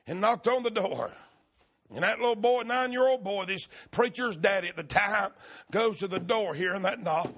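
A preacher with a notably high, husky voice delivers a sermon. He shouts his points in a rhythmic cadence, then lowers his voice to tell stories. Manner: shouted, rhythmic preaching that drops to quiet storytelling.

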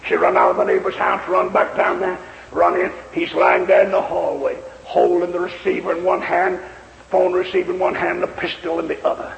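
A male preacher telling a story in a sermon, with a folksy, emphatic manner and a gravelly voice, recorded in an echoey hall with faint noise. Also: high voice, little pitch movement, a little fast, highs cut off.

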